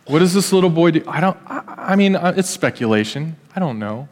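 Animated male pastor in an echoey hall. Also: on the high side, fairly quick. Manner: animated, conversational storytelling with acted-out quotes. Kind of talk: sermon. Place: church hall.

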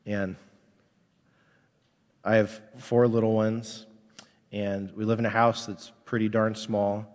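A man's voice: on the low side, flat delivery, takes it slowly, long pauses, in a large hall. A man in his thirties, a pastor, preaching a candid, conversational sermon.

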